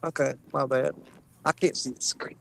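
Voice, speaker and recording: A man, hosting a fishing stream outdoors on a river and chatting in a relaxed, joking way. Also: medium pitch, moderate pace, vocal fry, a little hiss or hum. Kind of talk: casual chat.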